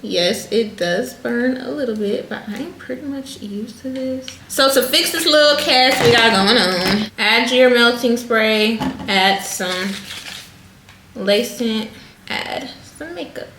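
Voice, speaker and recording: A woman's voice: on the high side, slow pace, fairly bright tone. A woman talking viewers through a wig install in a casual, chatty tutorial, calling them "y'all.". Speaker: hairstylist vlogger. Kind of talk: casual tutorial talk to camera. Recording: echoey room with faint noise.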